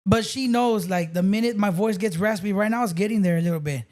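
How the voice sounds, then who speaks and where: A man's voice: high voice, a little fast, a little mellow. A man, a guest on a podcast, chatting casually and telling loose stories with swearing and bits of Spanish. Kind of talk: casual chat.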